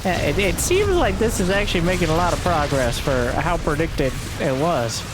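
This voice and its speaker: A man casting a strategy game match solo, joking along and bursting into high-pitched exclamations. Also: animated, normal speed, over music. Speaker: esports caster. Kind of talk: solo play-by-play commentary.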